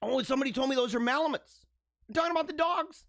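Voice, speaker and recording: A man hosting a live stream, chatting casually with viewers in a joking, animated way, laughing often and stumbling over his words. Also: very high-pitched, rapid-fire, creaky, no echo. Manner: animated, joking, frequent laughs and stammered restarts.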